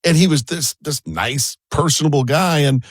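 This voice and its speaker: A man's voice: a little high, normal speed, breathy edge, dry recording. A man co-hosting a talk show, telling chatty, rambling anecdotes full of asides. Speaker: co-host. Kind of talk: casual talk-show storytelling.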